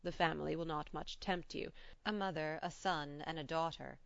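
A woman reading the part of a polite, gently teasing older male doctor in an audiobook, in a measured way. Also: deep voice, steady tone, vocal fry, dry recording, lo-fi sound.

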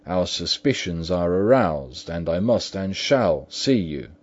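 A man voicing a stern middle-aged male lawyer who speaks forcefully, in a storybook reading. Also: low-pitched, expressive, takes it slowly, dry recording, full character voice. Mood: demanding. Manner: stern, forceful when calling out. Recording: dull lo-fi recording.

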